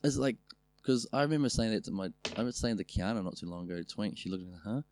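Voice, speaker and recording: A man's voice: fairly low pitch, expressive, quick pace, a little mellow, slight background noise. A man co-hosting a casual podcast chat, joking crudely and acting out quotes, with a New Zealand accent. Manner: laughing, crude banter with acted-out quotes. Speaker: podcast co-host.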